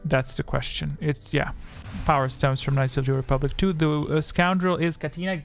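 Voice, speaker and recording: A slightly high-voiced man hosts a casual livestream quiz from home, speaking into a desk microphone. He rambles, restarts his sentences and reads viewers' answers aloud. Faint music plays underneath. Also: little pitch movement, brisk, creaky. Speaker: streamer hosting a quiz.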